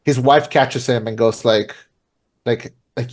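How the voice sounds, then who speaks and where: A man's voice: mid-range voice, fairly even intonation, slow pace. A podcast co-host chatting casually as he retells a film's plot, with many fillers and restarts.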